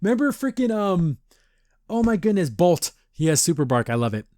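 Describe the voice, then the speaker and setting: A man's voice: high voice, sing-song, normal speed, darkish tone, dry recording, clean studio sound. A man hosting a podcast and reviewing a cartoon episode in a casual, rambling way, often acting out characters' lines in exaggerated voices. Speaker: podcast host.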